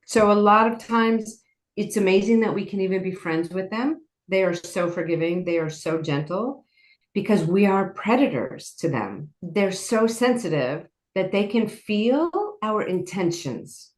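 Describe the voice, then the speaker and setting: A woman's voice: mid-range voice, unhurried. A woman guest telling personal stories in an earnest, rambling way, often saying "like.". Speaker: guest, horse program founder. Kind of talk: personal storytelling in interview. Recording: roomy echo.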